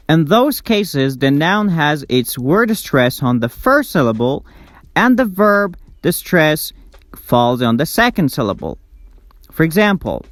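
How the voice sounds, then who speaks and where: A man teaching English word stress, slowly saying each example word with care and repeating it. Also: on the high side, no room sound. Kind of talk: slow, deliberate pronunciation lesson.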